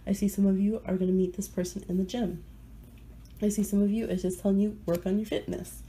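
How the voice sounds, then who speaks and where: Gravelly-voiced woman reading tarot, laughing. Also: mid-range voice, level tone, fairly quick, mellow, slight background noise, poor audio. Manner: chatty, laughs often, playful asides. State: under the weather, sick voice. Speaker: tarot card reader. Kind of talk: casual pick-a-card tarot reading.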